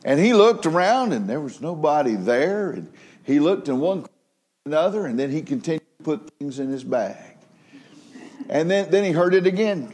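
A man's voice: on the high side, darkish tone. A male pastor preaching a sermon, telling folksy stories and rising into emphatic preaching. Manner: folksy storytelling with a preaching rise; laughs at his own joke.

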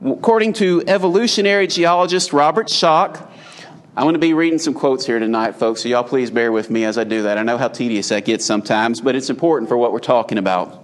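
A man's voice: mid-range voice, fairly quick. A man preaching an evening sermon, talking conversationally and addressing the congregation directly.

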